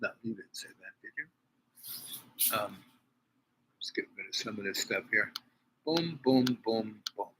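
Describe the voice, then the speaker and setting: A man's voice: on the low side, flat delivery, measured pace, pauses often, background noise. An older man from Harlem, talking in a rambling personal monologue full of asides and restarts. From Harlem, New York. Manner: digressive storytelling with many restarts and asides. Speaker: host.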